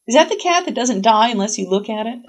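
A woman voicing a brisk, wry woman who teaches writing, speaking bluntly. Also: fairly high pitch, expressive, pitched above the performer's own voice.

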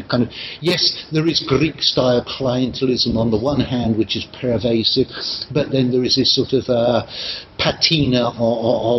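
An older man giving an academic lecture, pausing often with ums and restarting his phrases. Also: medium pitch. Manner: halting, many ums and restarts. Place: lecture room. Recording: dull, noisy lecture recording.

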